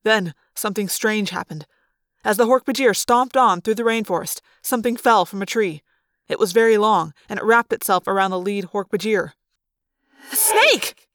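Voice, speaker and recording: Female narrator for a storybook read-aloud, expressive and measured, dry close sound. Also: mid-range voice, no echo. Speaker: reader.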